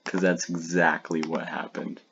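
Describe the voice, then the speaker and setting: A young man with a very deep voice gives casual reaction commentary. He rambles through his explanations with plenty of fillers and laughter. The recording carries clear background noise. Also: level tone, unhurried, a bit bright, muffled recording. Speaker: creator reacting to his old videos. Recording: noisy recording.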